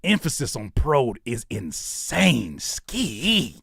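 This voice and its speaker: Medium-pitched, creaky and husky, this thirty-something rapper and YouTuber takes it slowly as he reacts to comments. His comedic rant is animated, teasing and mocking, punctuated by sudden loud outbursts, and the studio sound is clean with no echo.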